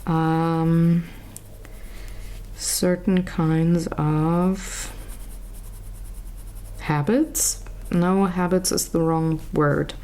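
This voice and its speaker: A woman's voice: on the low side, fairly even intonation, extremely slow, long pauses, dark tone. A woman chatting casually while she colours, rambling and searching aloud for words, with self-mocking asides. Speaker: colouring vlogger.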